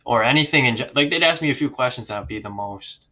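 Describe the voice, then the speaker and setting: A man's voice: medium pitch, expressive, fast, sharp tone. A man in casual conversation, thoughtful and questioning, with many filler words. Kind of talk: casual chat.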